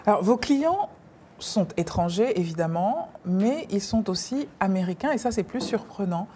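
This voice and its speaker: A woman co-hosting a talk show, with a very lively voice that swoops up and down. She teases and laughs easily. There is light background noise. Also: mid-range voice, normal speed. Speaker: co-host. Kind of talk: bilingual talk show chat.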